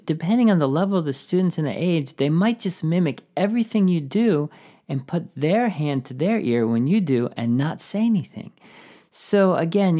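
Animated, encouraging male teacher. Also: fairly high pitch. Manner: animated, encouraging, often sings short phrases. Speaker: teacher and podcast host. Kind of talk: podcast teaching tips.

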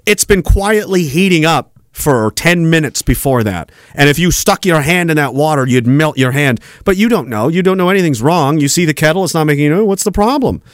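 A man's voice: a little high, expressive, a little fast, hardly any pauses, no room sound, studio quality. Angry, profane male podcast host. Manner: angry, profane, sarcastic ranting. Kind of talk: ranting commentary, reading viewer comments.

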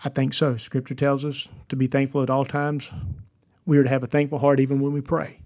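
A man's voice: mid-range voice, completely flat delivery, fairly quick, a little mellow. A man, hosting a devotional podcast and telling a story in an earnest, encouraging way. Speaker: podcast host.

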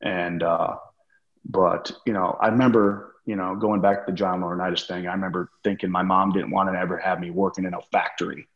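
Man, very deep voice, casual storytelling, swears a lot, slightly dull sound. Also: little pitch movement, fairly quick, roomy sound. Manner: profane, rambling, many fillers. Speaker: podcast guest.

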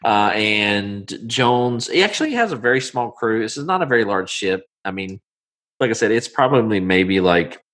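A man running a tabletop game who describes scenes in a loose, rambling way full of fillers. His voice sits on the low side. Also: lively intonation, moderate pace, fairly bright tone. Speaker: game master.

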